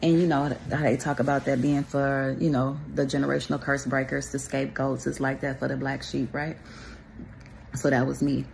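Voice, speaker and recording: A woman with a very gravelly voice, low for her sex, talking to camera. She shares a personal faith testimony in a loose, rambling, chatty way and drops in pious asides. Faint noise sits under her voice. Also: flat delivery, moderate pace, a little mellow. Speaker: vlogger sharing a faith testimony.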